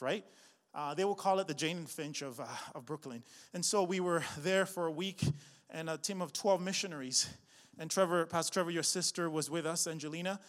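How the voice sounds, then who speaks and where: A male pastor preaching, swinging from loud, rising refrains to a chatty storytelling manner full of fillers and restarts. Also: a little high. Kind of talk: sermon. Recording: long hall reverb.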